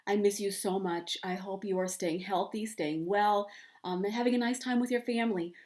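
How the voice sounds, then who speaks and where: A woman who is a school counselor, reading a picture book aloud to young children and talking to them in a gentle, encouraging way. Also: mid-range voice, steady tone, moderate pace. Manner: gentle, encouraging teacher talk.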